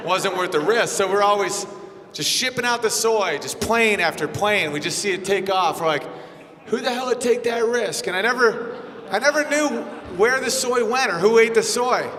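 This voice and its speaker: Brash man, high voice, crude stand-up set, live club room reverb, loud audience. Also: moderate pace. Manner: brash, crude, animated storytelling. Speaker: stand-up comedian. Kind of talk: stand-up set with crowd work. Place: comedy club stage before a live audience. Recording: live club recording with hall reverb and crowd noise.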